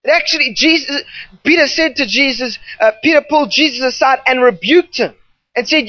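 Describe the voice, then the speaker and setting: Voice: sits high, a little fast, pushed and bright, no echo. An emphatic preacher delivering a sermon, leaning on repetition and drifting into off-the-cuff asides. The recording is dry, with no room sound, and slightly dull and muffled in tone.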